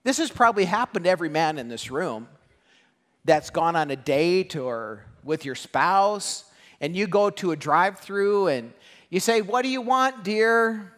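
Animated male pastor in a reverberant church. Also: fairly high pitch, normal speed. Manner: animated, acts out quoted voices, jokes with the congregation. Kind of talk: sermon. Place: church hall.

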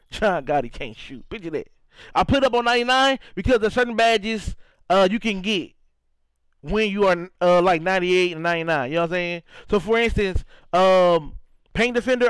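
High-pitched, brisk, and fairly bright, this young St. Louis, Missouri, streamer has a clear, resonant voice as he gives casual commentary on a live game stream. He reacts to chat loosely and repetitively, leaning on "you know what I'm saying"; there's no room sound, but the recording is low quality.

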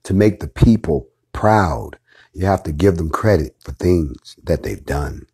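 A man giving a live speech, repeating lines like a preacher, blunt and profane, moving from quiet talk to fiery outbursts. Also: deep voice, lively intonation, unhurried, husky. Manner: preaching, repetitive rhetorical cadence, swings from quiet to fiery. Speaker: group leader addressing followers.

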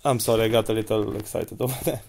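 A man giving casual, crude gameplay commentary, breaking into loud hype shouts. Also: on the low side, fast, creaky, rough recording. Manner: crude, excitable, yells hype callouts.

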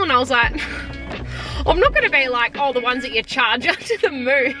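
A woman's voice: high-pitched, expressive, moderate pace, over music. A young woman chatting casually in her vlog, rambling, swearing and giggling. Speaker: vlogger.

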